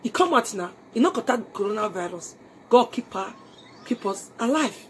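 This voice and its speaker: A woman's voice: medium pitch, lively intonation, normal speed, a little hiss or hum. A Nigerian woman in a live phone video from her home, urging viewers to join her business in a mix of Pidgin and English. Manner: urgent persuasive appeals, mixing Pidgin and English. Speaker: network marketing seller. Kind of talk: live video sales pitch.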